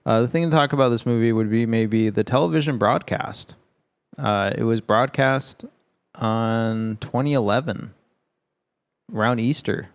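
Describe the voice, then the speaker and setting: A man co-hosting a casual film podcast, with a gravelly, creaky edge to his voice. He talks loosely, cracks jokes and swears freely. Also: medium pitch, unhurried. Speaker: podcast co-host.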